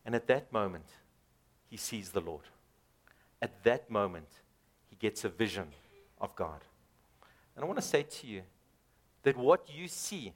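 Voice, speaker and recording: A man preaching a sermon, emphatic, rising and dropping dramatically and repeating words for emphasis. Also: fairly high pitch. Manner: emphatic, rises and drops dramatically.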